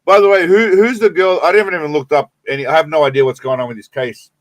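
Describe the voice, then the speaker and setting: A man riffing through a live stream, rambling and cursing with constant false starts. His voice sits a little high for a man. The sound is close and completely dry, with no room to it. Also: fairly even intonation, fast, dry recording, faint music behind. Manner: rambling, profane, many restarts. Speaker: streamer reacting to clips. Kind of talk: casual live-stream commentary.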